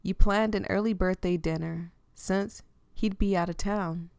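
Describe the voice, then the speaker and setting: A woman's voice: mid-range voice, steady tone, a little slow, darkish tone, clean tone, no echo. Emotional woman reading a visual novel. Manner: emotional, breaks off to react between lines. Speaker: channel host reading interactive stories.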